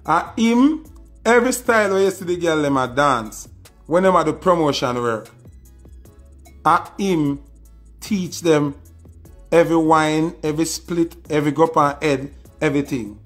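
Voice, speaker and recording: Unhurried and a bit high-pitched, a Jamaican-accented man delivers a ranting diss video with soft music underneath. The social media personality sounds scornful and taunting, repeating his insults.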